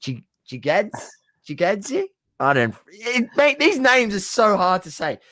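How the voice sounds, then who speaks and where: A man's voice: unhurried, no room sound. A man co-hosting a sports chat show, tripping over fighters' names and pushing his voice way up when something thrills him. The sound is dry and close, with almost no room around it. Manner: energetic, stumbles over names, excitable pitch jumps. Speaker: podcast co-host.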